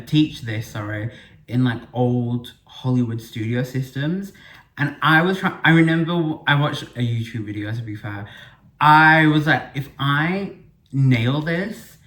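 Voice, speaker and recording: A young man from the UK rambles through a casual solo podcast, chatty and full of fillers and quick self-corrections. His voice sits at an ordinary middle pitch. The living room around him gives the sound a noticeable echo. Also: fairly bright tone. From United Kingdom. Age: young adult. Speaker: podcast host. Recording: echoey room.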